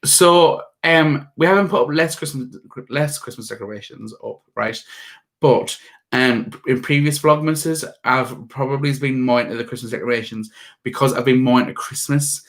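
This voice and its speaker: A man's voice: mid-range voice, a bit bright. Easygoing young man chatting. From United Kingdom. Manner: easygoing and chatty, with halting fillers. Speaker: co-host of a live stream. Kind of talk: casual live-stream chat.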